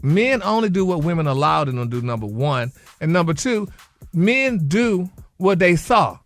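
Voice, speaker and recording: A man's voice: a little high, sing-song, normal speed, no room sound, faint music behind. A man co-hosting a radio show, sassy and calling people honey. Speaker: radio co-host.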